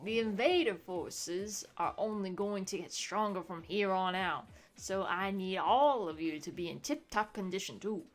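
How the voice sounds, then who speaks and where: A woman voicing a brash, mocking male creature headmaster with a put-on Cajun accent, talking loud and theatrical. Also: mid-range voice, moderate pace, lightly acted. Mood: taunting.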